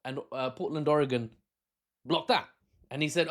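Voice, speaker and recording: A man at a medium pitch talks through political events in a loose, unscripted commentary. He keeps breaking off with chatty, self-mocking asides and laughs easily at himself. It is recorded on a phone camera. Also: moderate pace. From Britain. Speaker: political analyst.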